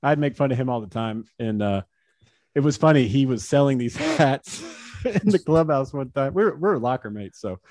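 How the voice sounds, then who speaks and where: A man in his forties tells stories as a podcast guest. He is chatty, laughs often, and fills his speech with fillers. His voice is mid-pitched and recorded dry and close. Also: expressive, moderate pace, a little mellow, no room sound. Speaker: guest, former pro baseball pitcher. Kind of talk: casual storytelling in an interview.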